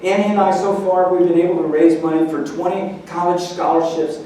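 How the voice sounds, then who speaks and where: Middle-aged guy giving a motivational talk, storytelling, mellow voice, really echoey hall, kinda far off mic. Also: high-pitched, a little fast, slight background noise. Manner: storytelling, animated and earnest. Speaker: keynote speaker. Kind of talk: motivational speech. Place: large meeting hall.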